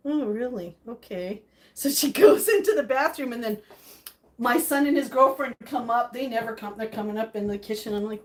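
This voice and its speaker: A middle-aged woman chats on a live stream in a slightly high voice. She reacts to viewer comments as they come in, emotional and laughing easily. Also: moderate pace, long pauses, darkish tone. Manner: chatty, reacting to chat comments. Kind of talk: casual live-stream chat.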